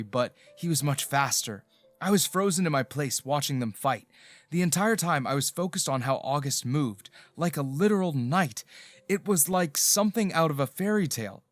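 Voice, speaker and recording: A man narrating a first-person love story in a steady, earnest way, with soft background music. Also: medium pitch, no echo.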